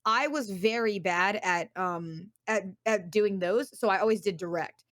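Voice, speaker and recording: A woman's voice: medium pitch, unhurried, no echo, clean studio sound. A woman streamer talking brashly and bluntly in casual voice chat. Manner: brash, exclamatory.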